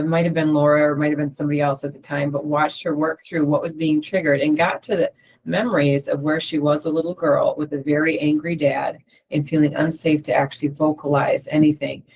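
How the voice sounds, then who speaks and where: A woman's voice: low-pitched, darkish tone. A middle-aged woman teaching an emotional health group in a conversational way, using everyday analogies and acting out small examples. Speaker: group facilitator.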